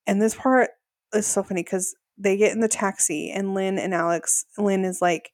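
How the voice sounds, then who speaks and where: A woman's voice: mid-range voice, normal speed, no echo, studio quality. A woman co-hosting a podcast, chatting casually and recapping episodes. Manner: chatty, acts out quotes in animated voices. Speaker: podcast co-host.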